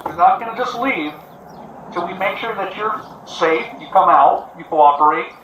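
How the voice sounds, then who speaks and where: A man working as a police negotiator, calmly and steadily appealing to someone to come out and talk. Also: high-pitched, normal speed, background noise. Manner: steady, coaxing, repetitive appeals. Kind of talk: calm crisis negotiation. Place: outdoors on a street. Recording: echoey, from far off.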